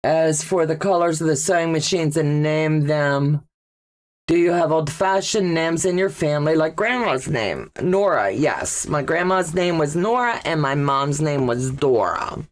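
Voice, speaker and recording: Slow, low-voiced woman chatting on a sewing livestream. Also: animated. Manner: chatty, reads viewer comments aloud, slow and low. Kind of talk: casual livestream chat.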